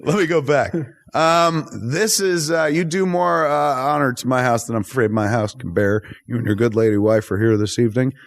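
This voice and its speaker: A man hosting a podcast interview, talking in an excitable, effusive and profane way. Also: medium pitch, a little fast. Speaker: podcast host.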